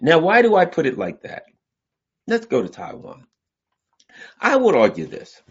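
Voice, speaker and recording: A man's voice: a little high, wildly swooping pitch, unhurried, husky. A man giving blunt political commentary, telling comic stories and acting out voices. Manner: blunt, storytelling, acts out voices. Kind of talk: animated commentary with comic analogies. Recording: dull lo-fi recording.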